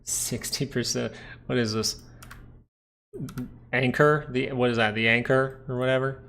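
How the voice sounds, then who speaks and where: A man's voice: mid-range voice, fairly even intonation, measured pace, pauses often, a bit bright, slight background noise. A man hosting a live stock market stream, chatting casually and joking with viewers between comments on the charts.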